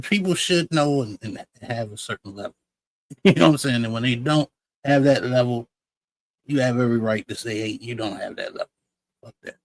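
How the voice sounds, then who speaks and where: Male host, blunt heated reaction commentary, mid pitch. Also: gravelly. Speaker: show host reacting to clips.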